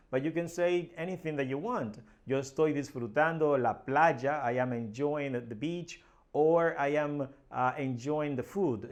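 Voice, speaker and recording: Man, language teacher, online lesson, repeats phrases, checks understanding, medium pitch. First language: Spanish. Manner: explains step by step, repeats words and phrases, frequent "right?".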